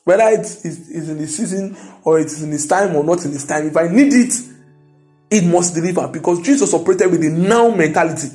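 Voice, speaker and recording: A high-pitched man preaching. He drives each point home, climbing into loud declarations, with soft music faint in the background. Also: a little fast. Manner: emphatic, rising to loud declarations. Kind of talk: sermon.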